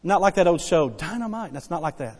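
A man preaching a sermon as pastor, emphatic and repetitive, dropping soft then rising loud to stress his points. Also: a little high, expressive, fairly quick, breathy edge. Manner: emphatic preaching, repeats key phrases, swings between soft and loud. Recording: long hall reverb.

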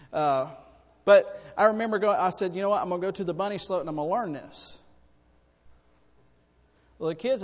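A man preaching a sermon, folksy and animated, telling personal stories. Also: high-pitched. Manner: folksy, animated storytelling with sudden loud bursts. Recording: long hall reverb.

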